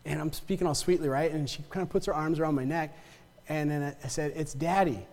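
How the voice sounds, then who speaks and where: A man's voice: a little high, fairly even intonation, fast, darkish tone. A man preaching a sermon in a conversational way, often checking in with the congregation and repeating himself as he talks. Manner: conversational, repeats words, asks the congregation "right?" and "amen?". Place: church sanctuary. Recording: long hall reverb.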